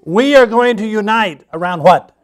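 High-voiced man preaching a sermon. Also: animated, normal speed, clear, resonant tone. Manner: conversational preaching with rhetorical questions to the congregation. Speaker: pastor.

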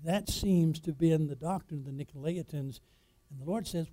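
Emphatic preacher with a mellow voice. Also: male voice, on the high side, normal speed. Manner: emphatic preaching with rhetorical questions to the congregation; swings between loud declarations and quiet asides. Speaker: pastor. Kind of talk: sermon.

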